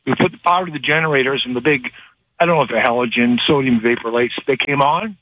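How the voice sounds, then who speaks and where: A man calling in to a radio show, telling a story in a rambling, animated way with many restarts, heard over a phone line. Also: medium pitch, fast talker, breathy edge. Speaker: caller. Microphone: telephone.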